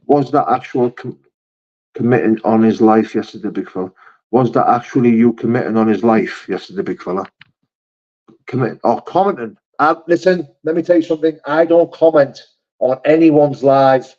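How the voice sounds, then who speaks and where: A man's voice: medium pitch, lively intonation, brisk, a little mellow. Blunt man, dull lo-fi stream. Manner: blunt and matter-of-fact, with frequent swearing and "mate", "brother"; reads viewer messages aloud, then answers them. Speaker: livestream host answering viewer chat. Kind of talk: casual live-chat talk.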